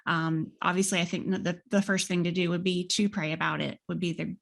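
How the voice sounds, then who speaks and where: A woman's voice: fairly low pitch, steady tone, fairly quick, creaky. A woman hosting a faith podcast, chatting casually, rambling with fillers and restarts. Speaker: podcast host. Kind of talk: casual interview chat.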